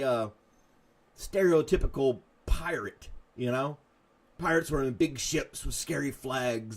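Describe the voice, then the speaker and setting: Rambling, jokey morning show host. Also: male voice, fairly high pitch. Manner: rambling, self-mocking, jokey asides; talks to a pestering dog and to chat viewers. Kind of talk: casual live chat.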